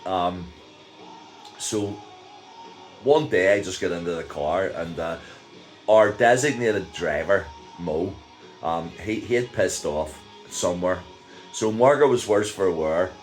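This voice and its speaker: Chuckling older Northern Irish man, deep. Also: slow, pauses often, faint music behind. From Northern Ireland. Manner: rambling, chuckles often, many fillers. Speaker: vlogger. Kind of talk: casual storytelling.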